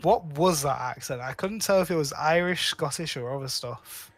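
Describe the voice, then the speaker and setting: A man's voice: a little high, normal speed, dry recording. A man co-hosting a podcast, rambling casually about films with lots of restarts and cheerful swearing. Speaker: podcast co-host. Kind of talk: casual chat.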